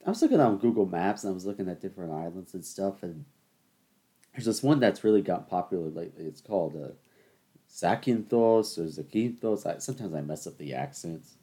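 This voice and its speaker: A young man with a deep, low voice rants on his own show. He rambles through stories, stops to talk straight to his listeners, and keeps a loose, joking tone. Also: expressive, fast talker, dark tone, husky. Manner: chatty, rambling, addresses listeners as people. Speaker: podcast host. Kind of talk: solo comedic rant.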